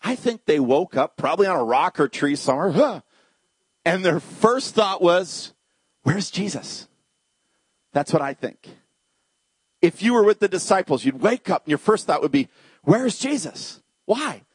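A male pastor preaching a sermon straight to the congregation, jumping from excited shouted peaks to soft hushed moments. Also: moderate pace, husky, no room sound. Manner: animated preaching, swings from shouted highs to hushed lows; direct address to congregation.

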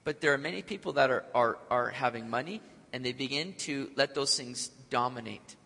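A man's voice: medium pitch, normal speed, vocal fry, pushed and bright, breathy edge. A man preaching a sermon with energy and joking with the congregation. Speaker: pastor. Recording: long hall reverb.

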